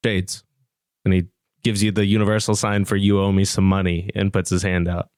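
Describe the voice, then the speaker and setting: A man's voice: deep voice, monotone, a little fast, a little mellow, clean tone, no room sound, clean studio sound. A man running a tabletop game as game master, narrating the scene with a playful manner. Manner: laughs between lines, playful narration.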